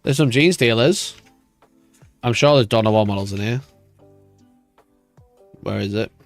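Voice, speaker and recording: A man's voice: lowish voice, unhurried, no room sound, soft background music. A man hosting a wargaming live stream, ranting in mock outrage and swearing as he reads and reacts. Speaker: wargaming channel host. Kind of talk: casual live-stream chat.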